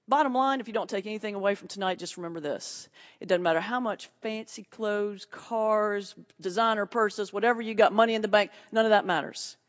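A woman, a pastor performing a stand-up comedy set with punchy, folksy delivery and her own laughter. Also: medium pitch. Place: large hall before a live audience. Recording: distant echoey hall, muffled.

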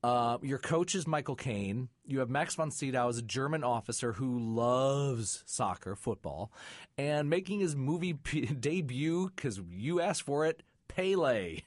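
A man hosting a casual chat, quick and jokey, often restarting his sentences. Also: mid-range voice, expressive, dry recording, clean studio sound. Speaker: host.

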